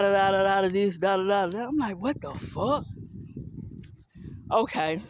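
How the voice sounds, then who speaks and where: A woman with a mid-range voice, from the US South and Philadelphia, tells a personal story in a casual monologue aimed straight at her listeners. She speaks with an African American Vernacular English accent and is blunt, heated and profane.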